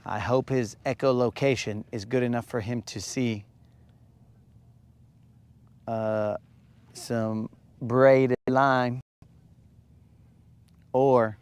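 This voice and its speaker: At night on a lake, a man with a smooth, medium-pitched voice hosts a live fishing stream, rambling, joking, and teasing his viewers. There is no room sound.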